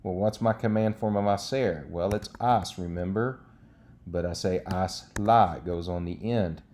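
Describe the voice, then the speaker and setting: A man's voice: sits low, moderate pace, darkish tone, slight background noise. A man teaching a recorded Spanish lesson, explaining step by step in a patient way with frequent checks like "okay".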